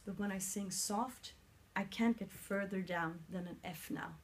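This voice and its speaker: A woman's voice: mid-range voice, moderate pace, faint music behind. A woman with a Swedish accent in her forties, explaining her singing progress in a casual vlog recorded on a mobile phone, earnest and sometimes searching for words. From Sweden. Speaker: singer vlogging her vocal training.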